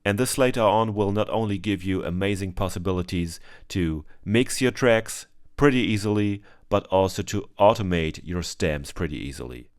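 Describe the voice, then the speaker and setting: Deep voiced guy doing a mixing tutorial, smooth clear tone, lots of ums. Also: normal speed, hardly any pauses. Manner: calm step-by-step explaining with frequent ums. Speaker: music producer teaching mixing. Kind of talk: screen-recorded software tutorial.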